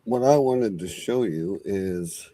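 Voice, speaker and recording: A man's voice: low voice, lively intonation, slow, dark tone, dry recording. A man hosting a live stream in casual chat, sounding flustered while he struggles with screen sharing.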